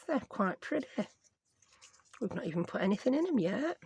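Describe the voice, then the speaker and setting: Very animated and at normal speed, this craft vlogger from Yorkshire talks through a tutorial at her desk, casual and self-mocking, with dialect words mixed in. Her mid-range voice is a little mellow with a breathy edge.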